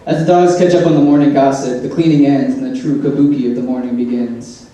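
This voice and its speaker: A man's voice: medium pitch, level tone, brisk, dark tone. A man reading a humorous personal essay aloud, with wry, dry asides. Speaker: essay reader. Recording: echoey room, mic far off.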